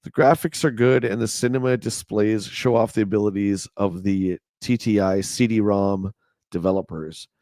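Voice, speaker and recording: A man's voice: on the low side, fairly even intonation, normal speed, mellow, no room sound, studio quality. A man hosting a casual livestream, reading old magazine reviews aloud with wry, joking asides and chatting back to his viewers. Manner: chats back to a live chat. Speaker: livestream host.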